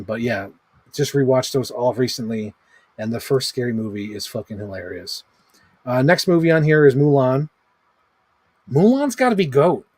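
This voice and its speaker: A man's voice: medium pitch, darkish tone, slightly rough, no room sound. A man in his thirties chatting casually on a livestream as he ranks movies, rambling, swearing freely and filling his talk with "like". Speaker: movie ranking streamer.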